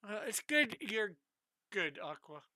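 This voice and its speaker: A woman's voice: medium pitch, sing-song, slow pace, sharp tone, no echo. A woman hosting a live drawing stream, chatting in a meandering, giggly way. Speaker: stream host and comic artist. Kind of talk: casual live-stream chat.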